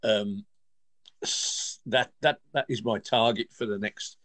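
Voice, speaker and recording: An older man from England with a Midlands accent, a regular on a football chat show, talking in a halting, self-deprecating way. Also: on the low side, fairly even intonation, a bit bright, no room sound. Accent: English Midlands. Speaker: regular pundit. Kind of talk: casual chat.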